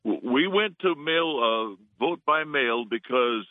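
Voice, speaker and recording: A man's voice: medium pitch, expressive, slow, few pauses, dry recording. A man calling in to a radio show, talking casually in a rambling, hesitant way. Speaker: regular caller. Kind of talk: casual call-in talk. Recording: tinny phone line.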